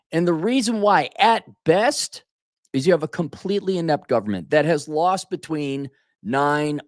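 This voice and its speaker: Ranting Minnesota-born man with lively pitch. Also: no room sound, studio quality. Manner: opinionated, ranting, with frequent self-corrections and asides. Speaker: commentator. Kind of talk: opinion monologue.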